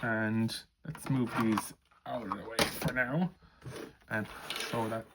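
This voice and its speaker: A man's voice: fairly low pitch, fairly even intonation, slow pace, very noisy. A man chatting casually to camera as a budgeting vlogger, rambling with lots of fillers and restarts.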